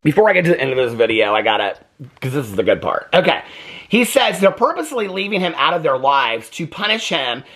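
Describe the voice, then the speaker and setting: A man rants through a TV recap in a lively, bouncing voice that swings widely in pitch. His tone is bright and blunt, and he sounds exasperated as he gives casual commentary. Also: brisk. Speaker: TV recap vlogger.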